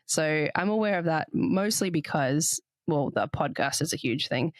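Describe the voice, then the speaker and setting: A woman in her thirties with a mixed international accent hosts a podcast in a relaxed, chatty way. Her pitch bounces up on lively moments and she laughs easily. The sound is dry and close. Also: normal speed, no echo. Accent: mixed international, Papua New Guinea upbringing. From Australia. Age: 30s. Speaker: podcast co-host. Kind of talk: casual chat.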